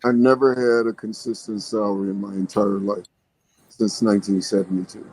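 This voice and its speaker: An older man chats casually on a podcast, spinning folksy stories from his working life. He laughs easily and talks in a relaxed, plain way. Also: on the low side, fairly quick, slightly rough, no room sound, rough recording. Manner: storytelling, folksy, laughs often. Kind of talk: casual chat.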